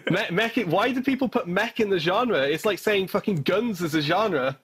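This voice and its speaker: A man's voice: sits high, normal speed, fairly bright tone, slightly rough. A man co-hosting a podcast in casual chat, blunt and swearing freely, often stammering as he restarts. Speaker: podcast co-host.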